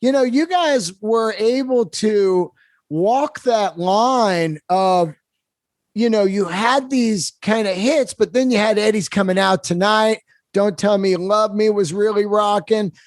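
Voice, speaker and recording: A man's voice: sits high, unhurried, dry recording, clean studio sound. A man hosting a podcast interview, recalling things with an enthusiastic fan's eagerness. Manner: enthusiastic fan recollection. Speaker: podcast host. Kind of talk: interview chat.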